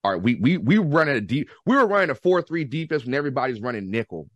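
An American man talks sports in a loose, rambling podcast chat, his pitch swinging up and down as he gets fired up. He keeps restarting sentences and tosses in slangy asides. The sound is close and dry, with no room echo. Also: fast. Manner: animated, rambling, with many restarts and slangy outbursts. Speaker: guest football fan.

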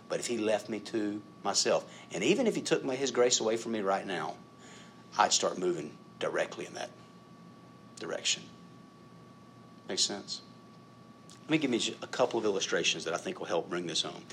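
A middle-aged man preaching a sermon in a conversational, self-deprecating way, laughing at himself and rising to loud emphatic peaks. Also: lowish voice, a little hiss or hum. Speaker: pastor.

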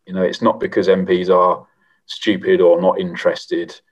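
Middle-aged man, low voice, husky tone, measured reflective interview answers. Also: completely flat delivery, dull audio. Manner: measured, frequent ums and restarts. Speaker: former MP, guest.

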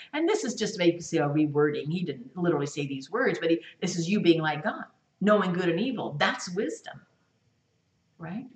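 A woman teaching a Bible study, reading verses aloud and acting out lines with lively, expressive delivery. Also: fairly low pitch. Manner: animated, acts out voices while reading scripture. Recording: echoey room, voice from a distance.

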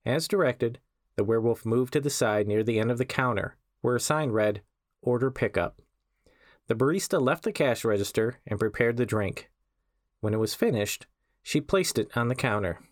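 Guy reading a spooky-funny short story, measured and wry, mid pitch, dry close mic. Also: dry recording. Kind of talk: scripted story narration.

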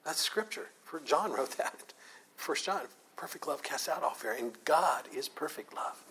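A man teaching an informal Bible study. He is animated, often repeats and restarts words, and laughs a lot. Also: fairly high pitch, a little slow, slightly rough, rough recording.

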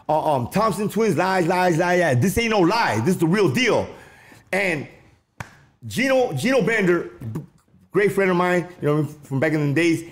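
A man from the Los Angeles area telling a story in casual, slangy speech, acting out the voices of the people in it. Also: high voice. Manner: animated, slangy, acts out quoted voices.

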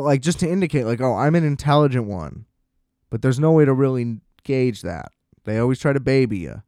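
A man's voice: mid-range voice, a little mellow, dry recording, clean studio sound. A young man ranting in a casual, exasperated and profane monologue as a podcast host.

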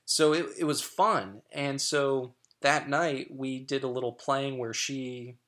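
A man's voice: mid-range voice, steady tone, slow pace, a bit bright. A middle-aged man sharing candid personal stories as a guest, frank and chatty with lots of fillers and restarts.

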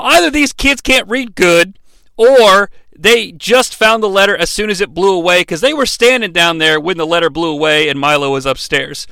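A man's voice: sits high, creaky, sharp tone, smooth, no echo. A man hosting a comedic bad-movie review, talking in a sarcastic, rambling way full of swearing.

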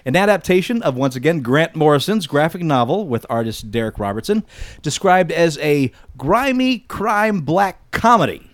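A man's voice: fairly high pitch, expressive, normal speed, no room sound. A man on a casual podcast, reading out a news item to his co-hosts. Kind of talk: reading news items aloud.

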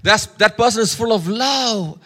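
A man's voice: high-pitched, animated, normal speed, pushed and bright. A male preacher who gives a sermon in an emphatic way, repeating phrases and calling on listeners to respond. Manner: emphatic, repeats lines, calls for audience response.

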